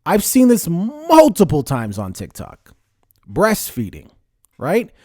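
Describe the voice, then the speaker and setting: Guy ranting on his podcast, kinda high voice that jumps all over, super dry close sound. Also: slow pace, no echo. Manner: lively, conversational, ranting with emphasis. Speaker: podcast host. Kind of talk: casual solo podcast talk.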